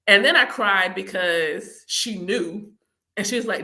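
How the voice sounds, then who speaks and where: A woman's voice: medium pitch, measured pace, sharp tone. A woman hosting her own channel, telling personal stories casually with lots of laughter and acted-out reactions. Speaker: channel host.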